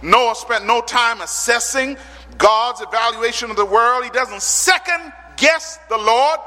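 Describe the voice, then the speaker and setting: High-voiced island preacher guy, dramatic sermon, big reverb hall. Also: unhurried. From Caribbean islands. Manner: dramatic preaching, rhetorical questions, sudden loud peaks.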